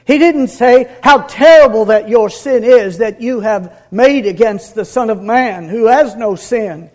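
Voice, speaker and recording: A man preaching a sermon with earnest conviction, dropping to a hush and building to emphatic peaks. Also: very high voice, unhurried.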